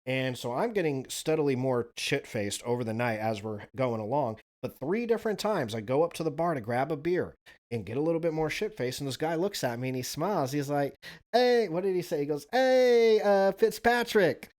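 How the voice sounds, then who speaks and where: A man's voice: mid-range voice, lively intonation, a little fast, a little mellow. A man in his thirties hosting a podcast, telling rambling, profane stories in a casual monologue. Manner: rambling, profane, laid-back. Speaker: podcast host.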